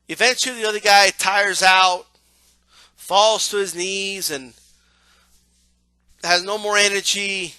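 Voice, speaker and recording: A man giving a casual, animated monologue about how he watches boxing, often asking "right?". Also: high-pitched, moderate pace, dry recording. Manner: animated, acts out yelling crowd members, repeats "right?". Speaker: boxing commentator.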